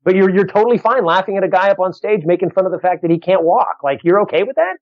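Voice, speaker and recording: A man, a comedian, tells a story to podcast hosts over a video call. His voice sits a little high and sounds dull and lo-fi, with almost no room sound. He rambles, restarts often and acts out both sides of the conversation. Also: fast talker, no room sound. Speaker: comedian guest. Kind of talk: casual podcast interview storytelling.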